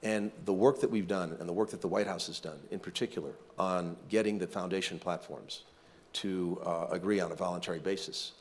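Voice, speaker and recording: Deep-voiced man, measured official. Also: steady tone. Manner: measured, policy-focused with frequent fillers. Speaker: government official. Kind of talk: panel interview.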